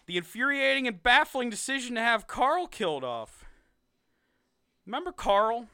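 A young man co-hosting a podcast, reviewing a ranked list of TV seasons in a sarcastic, animated way with frequent laughs. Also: very high voice, normal speed, smooth, dry recording. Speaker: podcast co-host. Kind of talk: casual ranking review chat.

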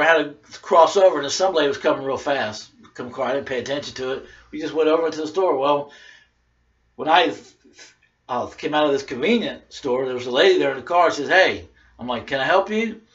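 A man preaching in a loose, conversational way, drifting through a personal story with frequent "you know" and "right?" asides. His voice sits a little high for a man. The recording sounds dull and lo-fi. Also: fairly bright tone. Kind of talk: informal sermon with personal story.

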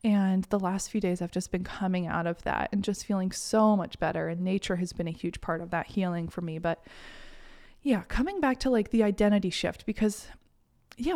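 Earnest woman podcaster with mellow voice. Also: mid-range voice. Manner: earnest, encouraging, self-help tone. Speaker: podcast host and confidence mentor. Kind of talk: reflective solo podcast talk.

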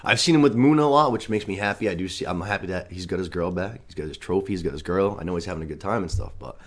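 Low-voiced guy on a podcast, rambling recap, swears a lot, keeps saying you know what i mean. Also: fast talker. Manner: loose, profane storytelling with lots of "you know what I mean". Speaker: podcast host. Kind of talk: casual TV recap chat.

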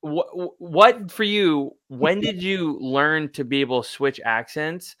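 A man's voice: a little high, a little slow, crowd noise. A young man hosting a podcast interview, asking curious questions and often restarting his sentences. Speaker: podcast host. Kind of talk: casual interview.

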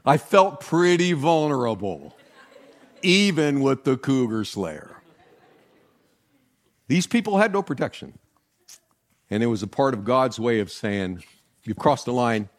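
An older man, a pastor, preaching a sermon with jokes, jumping up in pitch to stress words. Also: measured pace, pauses often. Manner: animated, jokey, leaps in pitch for emphasis.

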